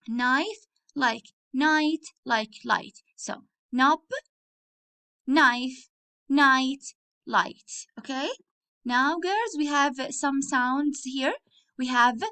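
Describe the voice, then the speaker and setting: Woman teacher, high voice, slow and patient, spells out words. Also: pushed and bright. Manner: slow, clear, repetitive, spells words letter by letter. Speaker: English teacher. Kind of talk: recorded classroom lesson.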